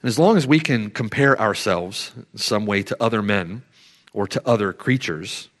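A man preaching a sermon who swings from hushed, slow reflection to loud, emphatic declarations, drawing out key words. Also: on the low side.

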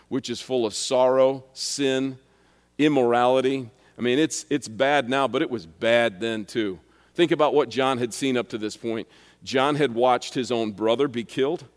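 A man preaching a sermon, earnest and emphatic, who reads scripture aloud and asks the listeners questions. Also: mid-range voice. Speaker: pastor. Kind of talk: expository sermon. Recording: reverberant hall.

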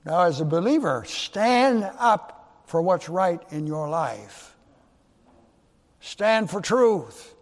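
A man preaching a sermon as pastor, emphatic, his voice leaping up loud for rhetorical questions. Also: sits high, very animated, slow pace. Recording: long reverb of a large hall.

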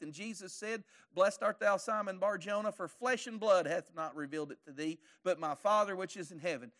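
A man preaching a sermon, telling the story in a folksy way, his voice climbing to forceful peaks and dropping low again.

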